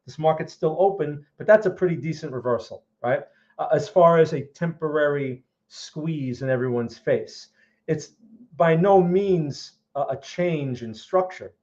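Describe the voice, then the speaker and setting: A man's voice: fairly high pitch, unhurried, darkish tone, highs cut off. A man hosting a live market analysis stream, speaking emphatically and often checking in with "okay?" and "right?". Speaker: trading analyst host.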